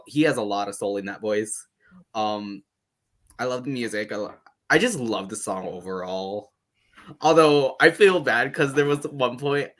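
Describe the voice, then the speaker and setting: Excitable podcast guy, voice bounces up and down, lots of likes and ums. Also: mid-range voice. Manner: enthusiastic, lots of fillers like 'um' and 'like'. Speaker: podcast co-host. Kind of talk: casual chat.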